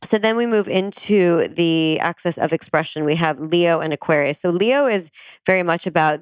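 A woman explaining astrology in a calm, conversational way, often agreeing with her guest. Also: fairly low pitch, moderate pace, dry recording.

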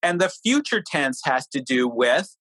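Animated middle-aged man telling stories. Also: unhurried, no echo, rough recording. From New Hampshire. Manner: animated storyteller, lively pitch. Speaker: author and guest. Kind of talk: conversational interview, storytelling.

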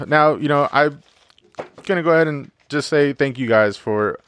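A man's voice: on the high side, moderate pace, fairly bright tone, slight background noise. A man hosting a casual solo podcast, rambling and joking with plenty of profanity and fillers. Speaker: podcast host.

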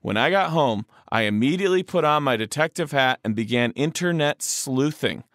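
A man's voice: medium pitch, expressive, normal speed, fairly bright tone, no echo, studio quality. A man co-hosting a podcast, chatting casually and reading listener letters aloud with playful, joking emphasis. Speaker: podcast co-host.

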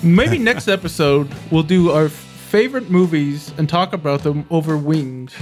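A man with a slightly high voice co-hosts a casual podcast. He jokes in a wry, playful way. Soft guitar music sits faintly in the background. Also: measured pace. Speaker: podcast co-host. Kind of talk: casual chat.

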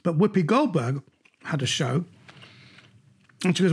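A middle-aged man, a comedian, recounting anecdotes in an animated way during an interview. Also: a little slow, slightly rough. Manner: animated anecdotes, jumps higher when quoting others. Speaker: comedian guest. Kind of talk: storytelling in an interview.

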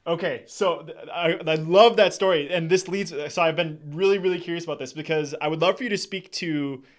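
A man's voice: on the high side, a little fast. A man hosting an interview, asking long questions with many restarts. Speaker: interview host.

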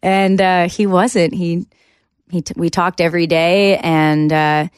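A woman's voice: lowish voice, fairly even intonation, a little slow, clear, resonant tone, dry recording. A woman from Canada, a country singer in her thirties, talking candidly as a podcast guest with lots of fillers. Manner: candid, chatty, many fillers. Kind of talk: casual interview chat.

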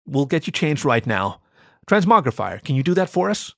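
A flustered, pregnant female canine, as a man puts her on for an adult storybook reading, stammering and exasperated. The voice sits well above his usual pitch and swoops widely. The recording is dry and close. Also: very animated, moderate pace, vocal fry, a bit bright, no room sound, heavily acted.

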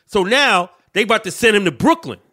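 A man co-hosting a comedy podcast, telling stories in profane, animated casual banter. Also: high voice, brisk. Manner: profane, laughing, animated storytelling. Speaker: podcast co-host.

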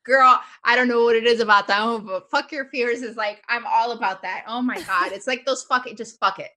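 A woman with a somewhat high voice talks a little fast as a podcast guest in casual conversation. She's emphatic, upbeat and lively, swears freely, and shifts between calm and excited.

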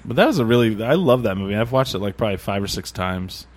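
A man's voice: fairly low pitch, animated, fast. A man hosting a casual interview, loose and informal, swearing freely and laughing easily. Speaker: podcast host.

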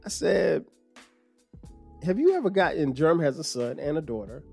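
A man, hosting a podcast and telling a story in a casual, animated way with lots of laughter. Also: a little high, creaky, slightly rough, faint music behind. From South Carolina. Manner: animated, laughs often, quick restarts. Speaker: podcast host.

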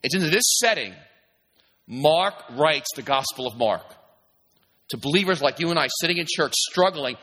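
In a church sanctuary, a pastor preaches a sermon in a conversational style, dropping lots of "you know"s and restarting sentences. His voice is fairly high, expressive and sharp at a normal speed, with long reverb from the hall.

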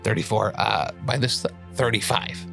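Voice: mid-range voice, moderate pace, creaky, fairly bright tone, soft background music. A player at a tabletop game, talking casually about dice rolls.

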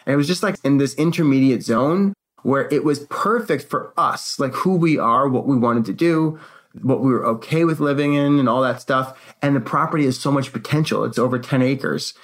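A young man with a gravelly, fry-tinged voice tells a personal story in easy, casual chat. He is animated and slips into the voices of the people he quotes. His pitch sits in an ordinary middle range. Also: normal speed. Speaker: co-host.

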